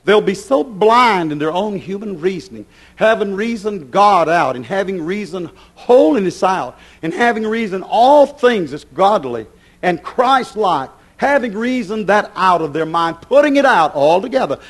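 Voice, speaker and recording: A man preaching a fiery sermon, swinging between thundering shouts and low, intense passages. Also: expressive, normal speed.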